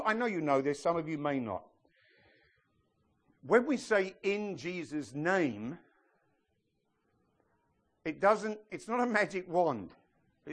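A man preaching a sermon to a congregation, often checking in with them and joking as he goes. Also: high-pitched. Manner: lively preacher, asks the congregation questions, jokes and laughs. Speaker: pastor.

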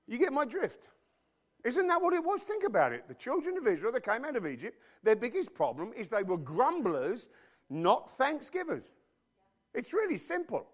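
A man's voice: very high voice, wildly swooping pitch, moderate pace. A man preacher delivering a sermon emphatically and bluntly, with informal slang and frequent rhetorical questions to his listeners.

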